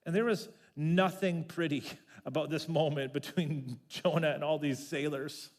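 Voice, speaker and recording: A man pastor preaching a sermon, telling the story in an animated way and repeating words as he builds. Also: a little high, unhurried. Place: church sanctuary. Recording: long reverb of a church hall.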